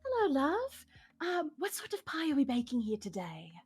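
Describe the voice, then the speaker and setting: A woman's voice: high-pitched, wildly swooping pitch, normal speed, pitched above the performer's own voice. A woman voicing a chatty female baking-show presenter who gushes with playful asides. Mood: cheery.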